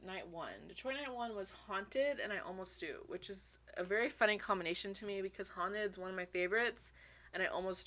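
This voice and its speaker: Bright, excitable young woman. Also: medium pitch. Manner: excitable, swears freely, laughs often; talks to her viewers as y'all. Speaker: vlogger. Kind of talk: casual chat.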